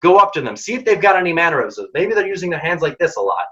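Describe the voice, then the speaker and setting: A man's voice: on the high side, very animated, quick pace, sharp tone, highs cut off. A man giving direct, emphatic career advice in a workshop talk. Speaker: workshop speaker.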